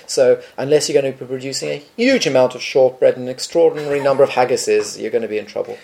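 A man's voice: medium pitch, quick pace, creaky, a little mellow. A man answering listener questions in a casual podcast chat, dry, blunt and opinionated.

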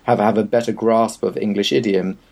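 Low-voiced opinionated man chatting. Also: steady tone, a little fast, vocal fry, a little mellow. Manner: opinionated, wry, meandering explanations. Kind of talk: casual chat.

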